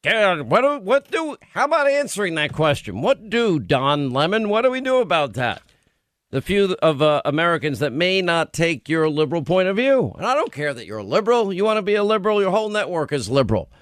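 A middle-aged man hosting a radio talk show, telling stories in a rambling, animated way. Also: high voice, brisk, no echo, studio quality. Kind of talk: casual talk radio banter.

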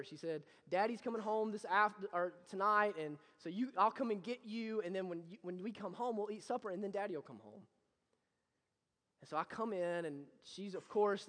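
A young male pastor preaching in a church sanctuary, his voice sitting high for a man. He shifts from hushed, intimate storytelling to loud, fervent exhortation. A long reverb trails each phrase through the large hall. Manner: swings from quiet storytelling to loud impassioned preaching. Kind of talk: sermon.

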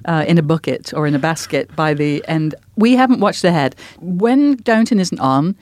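A woman co-hosts a podcast in casual chat, animated and quick-witted, with bursts of exasperation. Her voice sits fairly low and sounds dry and close. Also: no room sound. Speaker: podcast co-host.

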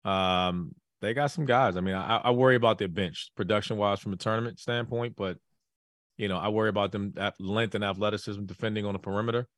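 A man talks fast through college basketball takes, often stumbling and restarting mid-sentence. His voice sits on the low side and is recorded close and dry. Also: steady tone, fairly bright tone, dry recording. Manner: fast, halting, frequent restarts. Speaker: basketball analyst. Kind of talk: casual sports podcast chat.

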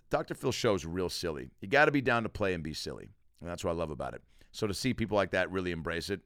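A man hosting his own podcast in a casual solo monologue, quickly plugging and riffing. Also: lowish voice, fairly bright tone, smooth, dry recording, studio quality. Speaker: podcast host and comedian.

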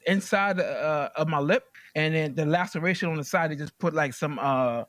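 A man giving courtroom testimony as plaintiff, telling his story in an animated way and acting out what others said. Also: a little high, normal speed, no echo.

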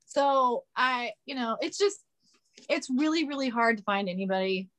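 A woman's voice: fairly high pitch, animated, normal speed, fairly bright tone. A woman guest on a podcast, talking casually, blunt, sarcastic and opinionated.

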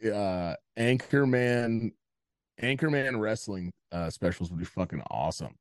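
A man's voice: fairly low pitch, a little slow, no echo, studio quality. A man co-hosting a podcast in casual banter, swearing freely and acting out the people he talks about. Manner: swearing, animated, mimics people mid-story. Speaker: podcast co-host.

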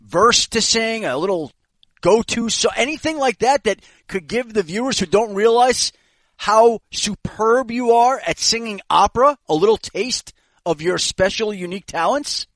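A man's voice: high voice, moderate pace, fairly bright tone, no room sound. A man interviewing a football player, asking playful, coaxing questions. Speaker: interviewer, reporter.

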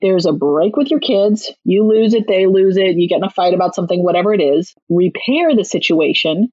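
A woman who writes about parenting gives an interview, offering advice in an emphatic, chatty way. Her mid-range voice is fairly quick and a little mellow, with no echo, though the recording sounds slightly muffled.

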